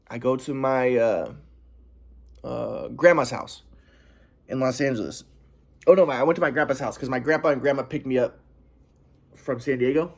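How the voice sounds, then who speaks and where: A young man telling a personal story in a vlog, earnest and aggrieved, stressing how calm he stayed. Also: mid-range voice, normal speed, gravelly, pauses often. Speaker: vlogger.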